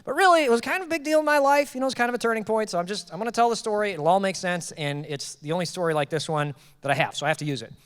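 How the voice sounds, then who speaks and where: Man, pastor, high voice, fast, animated storytelling sermon, long hall reverb. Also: clean tone. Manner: animated, joking, quotes people in raised voices. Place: church auditorium.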